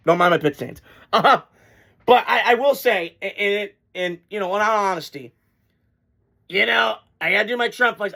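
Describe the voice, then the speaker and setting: Host, male, higher-pitched voice, casual off-the-cuff sports reaction, blunt and profane. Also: vocal fry, sharp tone. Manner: blunt, rambling, swears freely.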